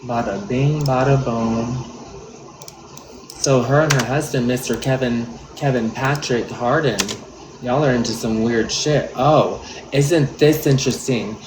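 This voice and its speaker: A man's voice: mid-range voice, a little slow, noisy background. Angry profane man ranting, echoey room. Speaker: livestream commentator. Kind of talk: livestream commentary. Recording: roomy echo.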